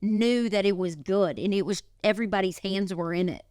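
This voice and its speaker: A woman co-hosting a podcast, telling stories in a chatty, quick way with asides. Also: mid-range voice, darkish tone, dry recording, clean studio sound. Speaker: podcast co-host. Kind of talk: casual chat.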